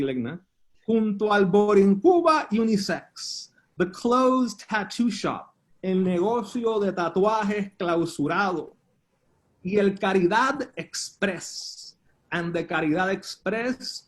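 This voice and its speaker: High-voiced man improvising bilingual poetry. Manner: switches back and forth between two languages line by line, self-translating; halting, drawn-out phrasing with pauses and fillers. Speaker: poet. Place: at home, walking around the house. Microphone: phone.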